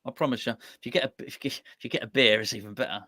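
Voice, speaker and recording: Man, casual chat host, fast talker, bright voice, animated storytelling. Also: medium pitch. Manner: animated storytelling, quotes others. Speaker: fan channel host.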